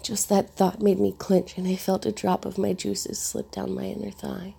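Gravelly, husky woman narrating softly. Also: medium pitch, flat delivery, normal speed. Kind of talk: first-person story narration.

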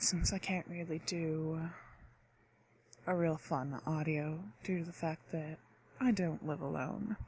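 Hushed, husky Midwestern woman, very slow. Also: on the low side. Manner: hushed, partly whispered, slow and deliberate. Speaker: audio creator. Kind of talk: reading a word list for an accent challenge. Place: at home with others asleep nearby.

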